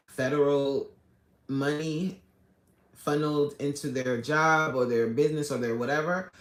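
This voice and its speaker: A woman's voice: very deep voice, fairly bright tone. A fitness coach, chatting casually on a live stream as she reads viewer comments and answers them. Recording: echoey room.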